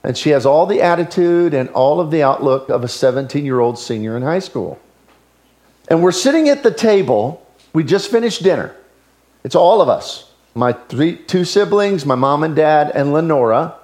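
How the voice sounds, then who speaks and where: A male pastor with a high voice preaches a sermon. He tells stories in a lively way, with his pitch leaping up and down and his volume swinging between loud and hushed. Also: moderate pace.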